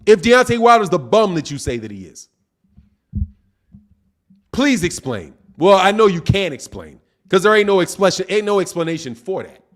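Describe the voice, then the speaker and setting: Speaking at a moderate pace in a high, sing-song voice, a man hosts a boxing live stream. He reads chat messages aloud and responds with combative ribbing, saying "man" and "dog" a lot.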